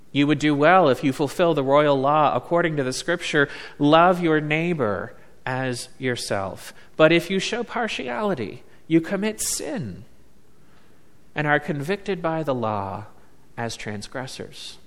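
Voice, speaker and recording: A man preaching a sermon as a pastor, slow and deliberate, leaning on words with emphatic pauses. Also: on the high side, a bit bright. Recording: long reverb of a large hall.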